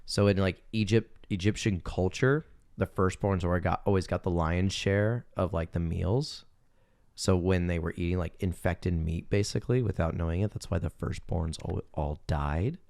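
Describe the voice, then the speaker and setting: A man's voice: low-pitched, normal speed, vocal fry, a little mellow, no room sound, clean studio sound. A man co-hosting a movie podcast, chatting casually and rambling with lots of fillers. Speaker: podcast co-host.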